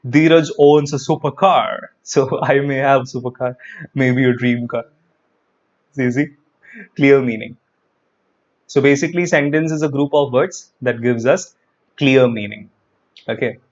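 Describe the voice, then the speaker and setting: A man with an Indian English accent, an English teacher giving an energetic online grammar lesson, repeating his points and talking straight to the viewers. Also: mid-range voice, unhurried, long pauses, muffled recording. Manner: energetic, repeats phrases, addresses viewers directly.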